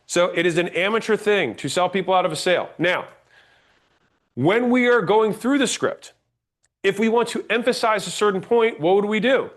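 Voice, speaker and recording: A man teaching a sales class, blunt and emphatic, demonstrating pauses and rising inflection as he explains. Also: sits high. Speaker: sales trainer. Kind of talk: instructional talk on sales tonality.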